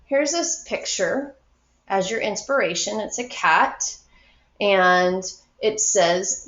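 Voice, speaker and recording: A woman's voice: mid-range voice, expressive, a bit bright, roomy sound, lo-fi sound. Patient woman teaching young kids. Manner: patient, encouraging, slow and clear explaining. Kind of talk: recorded grammar lesson for young students.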